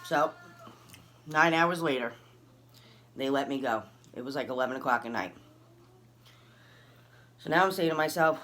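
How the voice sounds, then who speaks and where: A woman's voice: moderate pace, pauses often. A woman tells a personal story in a casual, chatty way. She acts out each person in it, and her voice jumps up sharply when she quotes them. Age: adult, recalls early twenties and has a son. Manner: animated, acts out dialogue with big pitch jumps. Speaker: vlogger telling a personal story.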